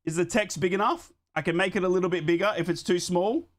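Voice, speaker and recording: A young man with a hoarse voice from a chest infection, hosting a live football watchalong, chatting to his viewers between calls on the match. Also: high-pitched, fast. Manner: chatty, talks to his live chat while fixing things on the fly. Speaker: watchalong host.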